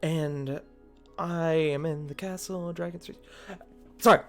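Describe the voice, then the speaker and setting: A man's voice: a little high, steady tone, slow, faint music behind. A man voicing a timid, skinny teenage half-orc courier who stammers and apologizes in a tabletop role-play. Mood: flustered.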